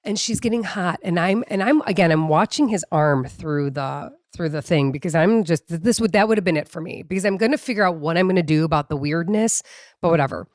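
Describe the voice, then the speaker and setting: A woman co-hosting a podcast, telling a story in a dramatic, profane, animated way. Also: fairly low pitch, a little fast, no echo, clean studio sound. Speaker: podcast co-host. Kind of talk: casual storytelling chat.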